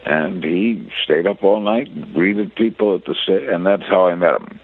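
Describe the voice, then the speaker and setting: A man in his eighties, a veteran broadcaster, telling stories at an unhurried pace with frequent fillers. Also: husky. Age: 80s. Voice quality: very deep voice. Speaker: interview guest, veteran broadcaster. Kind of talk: storytelling reminiscence. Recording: tinny phone-line audio.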